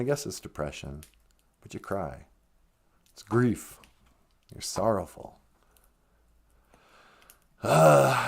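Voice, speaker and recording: Casting: male live-stream host, casual and rambling, lively pitch that rises and falls a lot. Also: gravelly. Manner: candid and rambling, with frequent self-interrupting asides. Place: at home.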